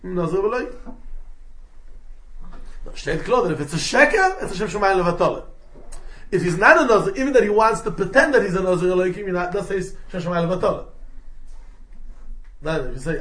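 Animated man teaching a Talmud class. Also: high-pitched, fast, long pauses, roomy sound. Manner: animated, mixes Yiddish and Hebrew terms, acts out quotes.

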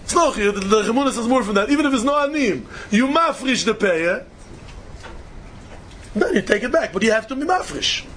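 A man's voice: extremely high pitch, animated, fairly quick, fairly bright tone, a little hiss or hum. A man giving a Talmud study lecture, asking questions and repeating key points to press them. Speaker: Talmud teacher.

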